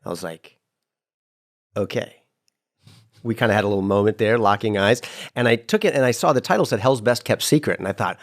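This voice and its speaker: A man guest in casual podcast chat, telling a story with lively voiced-out quotes. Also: lowish voice, a little fast. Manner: animated storyteller, acts out quoted lines.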